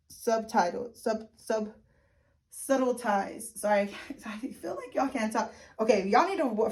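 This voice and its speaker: A woman's voice: mid-range voice, a little mellow. A woman giving a casual, frank tarot reading who laughs often and swears now and then. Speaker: tarot reader.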